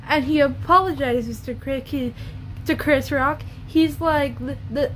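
A woman's voice: high-pitched, measured pace, a bit bright, a little hiss or hum. A woman YouTuber ranting bluntly and profanely in a casual vlog.

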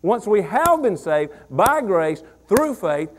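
A man's voice: high-pitched, very animated, slow pace, a little hiss or hum. A man, preaching a sermon, repeating phrases and asking the congregation questions. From Mississippi. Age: 40s. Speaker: pastor.

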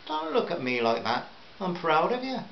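A man's voice: sits high, wildly swooping pitch, normal speed, vocal fry, voice pushed up, heavily acted. A man voicing a cheeky, teasing Northern Irish wife with a lilting voice, in a roomy, slightly dull recording with faint hiss. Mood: curious.

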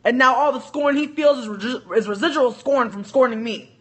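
A woman telling a story on a casual livestream, animated, joking and profane. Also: sits high, brisk, slightly rough. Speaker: livestream host.

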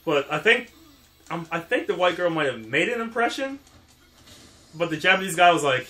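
A man telling stories in casual chat over a game, animated, laughing often and swearing casually. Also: on the high side, moderate pace, pauses often.

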